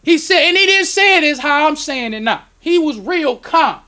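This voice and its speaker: A male minister with a very high, piercing voice preaches to his congregation. He talks with strong emotion and climbs into sudden shouts. His tone stays sharp and forceful throughout. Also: lively intonation, normal speed. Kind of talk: preaching lecture. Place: temple lecture hall.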